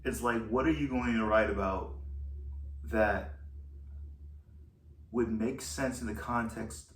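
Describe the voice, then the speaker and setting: A man, a musician, talking through how he wrote one of his album's songs in a slow, thoughtful way with pauses. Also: on the low side, echoey room, distant mic. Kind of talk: reflective solo talk.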